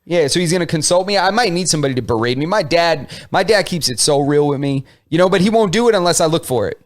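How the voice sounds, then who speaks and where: A man's voice: on the high side, lively intonation, fast. A young adult man co-hosting a casual podcast chat, mocking himself with exclamations and frequent laughs. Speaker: podcast co-host.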